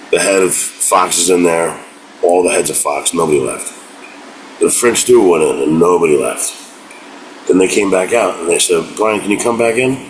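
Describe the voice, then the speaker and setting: A man telling behind-the-scenes stories from his acting work in a casual, animated way, acting out what people said. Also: sits low, a little hiss or hum, low-quality recording. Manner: animated, acts out quotes in voices. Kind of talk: casual anecdote.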